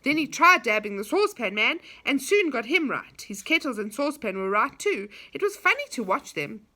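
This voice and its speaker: Storybook reader: woman, expressive, animated, bright high voice. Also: moderate pace. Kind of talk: reading a children's story aloud.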